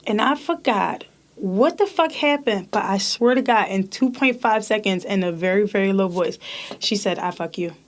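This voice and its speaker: A woman in her thirties co-hosting a podcast, telling stories in animated, profane casual chat and laughing often. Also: medium pitch, normal speed. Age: 30s. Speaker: podcast co-host.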